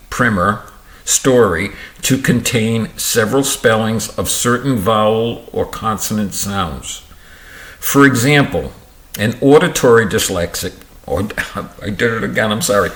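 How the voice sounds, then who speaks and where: A man's voice: medium pitch, fairly bright tone, echoey room. A man reading a book on teaching aloud, stopping to restart misread words and add his own remarks. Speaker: reader of a book on dyslexia.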